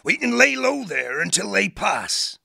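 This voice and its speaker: A man voicing a big, brawny male otter leader who gives bluff, hearty orders in a gravelly voice. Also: high voice, sing-song, measured pace, pushed and bright, no room sound, studio quality, voice pushed up, heavily acted. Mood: urgent.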